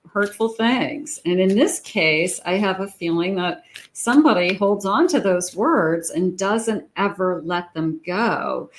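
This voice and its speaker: A woman's voice: on the low side, slight background noise. A middle-aged woman giving a tarot reading in a chatty way, often acting out quoted lines and laughing. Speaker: tarot reader. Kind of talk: casual tarot reading monologue.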